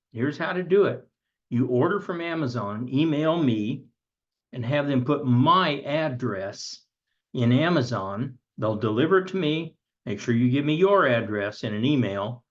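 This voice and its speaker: A man teaching a history lesson in a conversational way, reading from a textbook and then stepping aside to comment. His voice sits at an ordinary middle pitch. The recording is a little dull and lo-fi.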